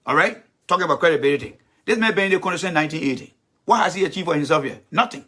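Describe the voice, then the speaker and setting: A man's voice: on the high side, very fast, bright, forceful tone. A man delivering a heated political rant as host, blunt, profane and confrontational.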